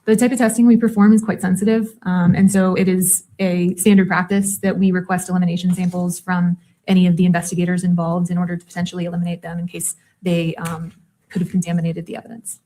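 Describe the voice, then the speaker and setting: A woman's voice: lowish voice, level tone, fast, warm tone. A woman testifying in a courtroom as a forensic DNA analyst, giving terse, precise technical answers.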